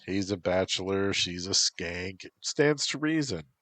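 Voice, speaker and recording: A man's voice: low-pitched, expressive, a little slow, a bit bright, no echo, exaggerated voice. A man voicing a blunt, crude young woman student.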